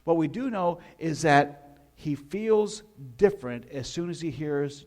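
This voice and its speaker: A man's voice: a little high, lively intonation, unhurried, darkish tone. A male pastor giving a sermon in a conversational, folksy way, often asking the listeners questions.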